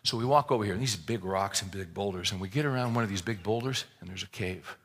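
A man's voice: on the low side, fast, a bit bright, husky. A man preaching a sermon, retelling a scripture story in a folksy, joking way and often repeating words as he restarts a thought.

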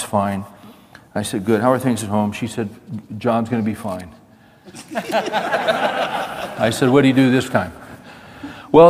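A middle-aged man gives a folksy, repetitive, sermon-style talk at a men's gathering, pausing to chat with audience members. His voice is medium-pitched, and there's a slight hiss or hum along with hall reverb.

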